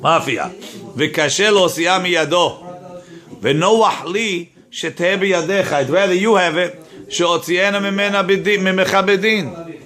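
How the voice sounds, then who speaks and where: Male rabbi, Talmud class, bright voice, slightly high, acts out claimants, repeats words. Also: unhurried. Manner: animated, acts out the claimants with raised voice; switches between Hebrew-Aramaic text and English. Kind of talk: Talmud class, reading and translating.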